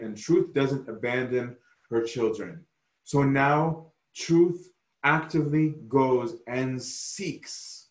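A man preaching a sermon slowly and emphatically, often pausing to ask "right?". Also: mid-range voice, roomy sound. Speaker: pastor.

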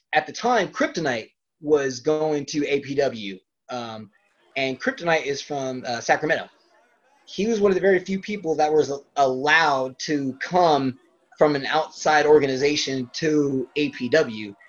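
A man's voice: on the high side, expressive, measured pace, dull audio. A man, a professional wrestler, telling stories from his career in a casual interview, swearing freely and laughing at himself. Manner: profane, self-deprecating, laughs often.

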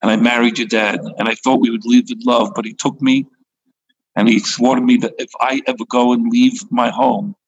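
A man voicing a desperate mother urging her son to flee, in a husky, gravelly voice pitched a little lower. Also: a little hiss or hum, close to an everyday voice, low-quality recording.

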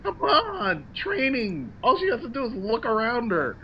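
Sarcastic co-host, very lively pitch, slightly lo-fi sound with faint noise. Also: a little slow. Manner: wisecracking, animated, sarcastic quips. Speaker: podcast co-host. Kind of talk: casual TV recap chat.

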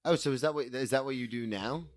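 A man hosting a casual podcast interview, easygoing and quick with interjections. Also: mid-range voice, no echo, studio quality. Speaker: podcast host.

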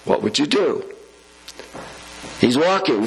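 A man's voice: medium pitch, expressive, unhurried, long pauses, a little hiss or hum, low-quality recording. A middle-aged man preaching a sermon, talking conversationally and asking his congregation rhetorical questions, with his voice rising for emphasis. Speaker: pastor.

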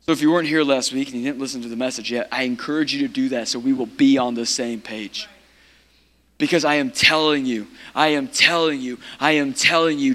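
A man preaching a sermon as pastor of his church, impassioned and repetitive, building to shouted peaks. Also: mid-range voice, fairly even intonation, brisk.

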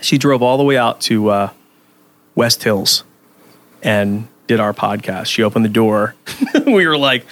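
A man's voice: mid-range voice, lively intonation, unhurried, long pauses, fairly bright tone. A man who is a podcast guest, telling stories in a rambling casual chat full of restarts. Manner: rambling, many restarts and fillers.

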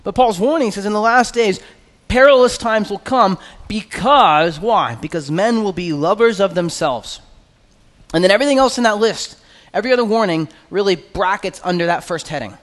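A man preaching an expository sermon as pastor, earnest and conversational, with quick asides. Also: sits high, fairly bright tone, in a large hall.

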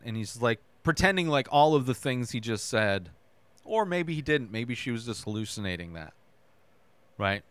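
A man's voice: medium pitch, lively intonation, normal speed, a bit bright, clean tone, dry recording. A man hosting a podcast, casually retelling a TV episode scene by scene, tossing in "right?" and loose quoted dialogue. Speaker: podcast host recapping a TV episode. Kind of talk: casual recap.

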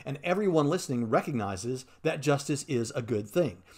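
A man hosting casual commentary on a clip he has just played. He argues earnestly and thinks aloud in a steady mid-range voice. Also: medium pitch, normal speed. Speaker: host.

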